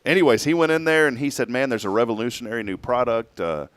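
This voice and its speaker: A man in his forties telling a personal story in casual talk-show chat, animated and acting out what others said. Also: medium pitch, fast talker, clear, resonant tone, dry recording. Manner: animated storyteller who acts out quoted speech.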